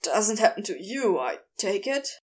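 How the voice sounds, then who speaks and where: A woman voicing a sly, lanky male demon in a low, growly grumble. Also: sing-song, unhurried. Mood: sheepish.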